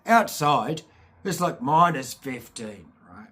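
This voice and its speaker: A Scottish man telling comic childhood stories in a casual, animated way, with swearing and laughter. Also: a little high, measured pace. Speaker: storyteller, channel host.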